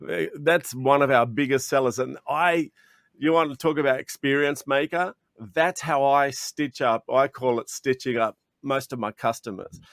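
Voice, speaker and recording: A man's voice: mid-range voice, moderate pace, no echo, clean studio sound. An Australian man, a chocolatier guest in a video interview, telling stories eagerly and acting out chats with customers. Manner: animated, acts out customer exchanges, frequent restarts. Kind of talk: enthusiastic storytelling in an interview. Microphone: video call.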